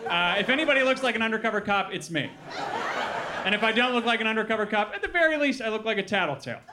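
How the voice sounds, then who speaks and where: A man from Milwaukee performing a stand-up comedy set, telling stories with animated acted-out quotes. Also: high-pitched, quick pace, noisy background. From Milwaukee, Wisconsin. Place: comedy club with live audience.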